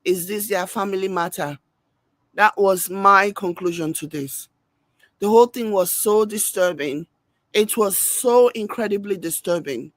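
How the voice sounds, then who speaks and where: A woman giving animated reaction-video commentary. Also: mid-range voice, measured pace, dry recording. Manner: animated, mimics people she discusses.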